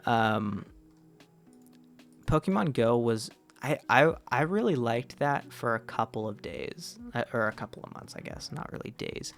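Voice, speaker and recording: Man, gaming streamer, casual rambling chat, self-correcting, mid pitch, gravelly edge. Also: expressive, measured pace, faint music behind.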